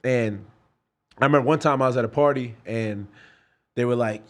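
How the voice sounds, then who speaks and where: Casting: man, 30s, from New York, lively storyteller on a podcast, mid-pitched voice. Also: moderate pace. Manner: animated storyteller, acts out voices in his stories. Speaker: guest, pro fighter. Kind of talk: casual podcast chat.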